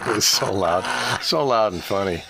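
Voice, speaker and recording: A man's voice: lowish voice, expressive, normal speed, vocal fry, very noisy. An older man from the Seattle area, a former radio DJ, telling casual stories in an interview and rambling with many restarts. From Seattle area, USA.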